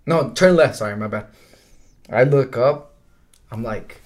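Unhurried and pausing often, this young adult man speaks at medium pitch in a slightly mellow voice. He co-hosts a podcast, casually telling laid-back stories, cursing a lot, saying "bro" constantly and laughing along the way.

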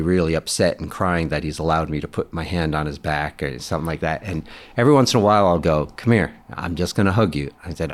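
Low-voiced earnest man. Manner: earnest, reflective, quotes others in animated voices. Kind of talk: casual conversation.

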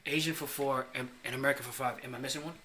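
Animated slangy male podcast co-host. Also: medium pitch, rapid-fire, slight background noise. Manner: animated, slangy, says "bro" a lot. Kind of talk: casual chat. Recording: roomy echo.

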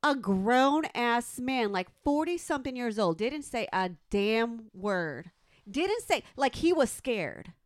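A woman in her thirties telling a story in casual chat, animated and profane, acting out the quotes. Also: on the high side, takes it slowly, no room sound, clean studio sound. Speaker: podcast co-host.

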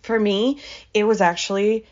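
A woman's voice: medium pitch, normal speed, a little mellow, highs cut off. A woman hosting a motivational podcast in a chatty way. She laughs often and keeps asking "right?". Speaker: podcast host.

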